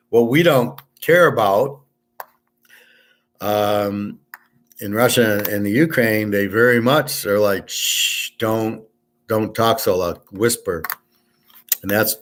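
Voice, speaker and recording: A man hosting a casual livestream, talking loud and clear on purpose, blunt and opinionated, rambling from one point to the next. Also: fairly low pitch. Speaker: sports handicapping show host. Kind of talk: casual livestream chat with viewers.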